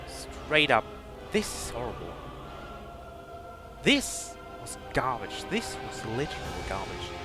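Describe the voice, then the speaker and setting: A man's voice: mid-range voice, huge pitch swings, takes it slowly, long pauses, music in the background. A young man giving game commentary, complaining angrily and swearing at his opponent. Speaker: gaming commentator.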